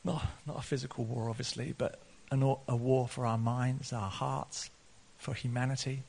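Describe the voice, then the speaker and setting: A man preaching a sermon, earnest, laughing often, and rising to excited peaks. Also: mid-range voice, moderate pace, vocal fry, husky. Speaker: pastor.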